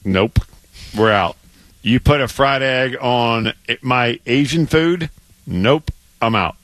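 A middle-aged man talks sports on the radio in casual, emphatic banter, stumbling and repeating himself when he gets worked up. His voice sits at an ordinary pitch and is recorded dry and close on a studio microphone. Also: takes it slowly, a bit bright, no room sound.

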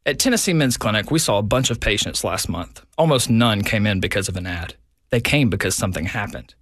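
A man's voice: lively intonation, a little fast, fairly bright tone, no room sound, clean studio sound. A man who says he is a doctor, reading a scripted radio ad in a direct, urgent way. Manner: direct, urgent sales pitch.

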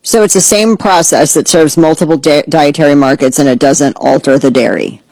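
A woman's voice: deep voice, moderate pace, no room sound, poor audio. Sarcastic woman host ranting. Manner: sarcastic, animated ranting with mock voices. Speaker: podcast host. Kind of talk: casual opinion commentary.

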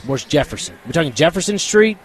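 A man, co-hosting a casual sports radio show, quick and joking. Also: a little high, sing-song. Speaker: radio co-host.

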